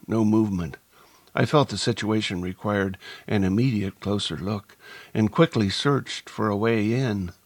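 A man with a somewhat low voice tells a first-person story. His delivery is measured and deliberate. The recording is dry, with no room sound. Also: husky, no room sound. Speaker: audiobook narrator. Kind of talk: scripted first-person narration.

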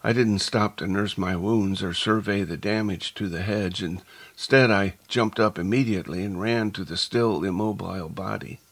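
A man narrating a first-person story in a measured, deliberate way. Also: deep voice, vocal fry, no echo. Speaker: audiobook narrator.

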